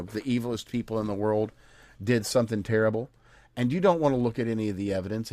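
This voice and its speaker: A man's voice: on the low side, a little mellow. An American man hosting a podcast, talking in a casual, sarcastic and indignant way. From United States. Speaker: podcast host. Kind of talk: casual chat.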